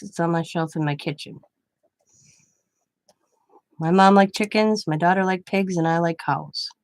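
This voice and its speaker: Grandmother, craft vlogger, low voice, dry close sound, rambling casual storytelling. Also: measured pace, no echo. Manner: rambling, chatty, quoting others in her own voice. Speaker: craft channel host.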